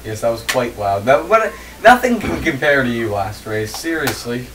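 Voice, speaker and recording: A man's voice: medium pitch, moderate pace. A man hosting and commentating an online sim race, reading the starting grid and bantering with his co-commentators. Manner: reads grid lines in a steady list, joking banter. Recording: distant mic with faint room noise.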